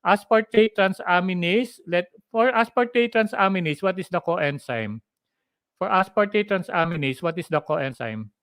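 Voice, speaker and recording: A man's voice: high voice, expressive, normal speed, a bit bright, no room sound. A man with a Filipino accent giving a live-streamed biochemistry review lecture, mixing English with Tagalog asides and quizzing viewers with mnemonics. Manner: drills answers with mnemonics and Taglish asides.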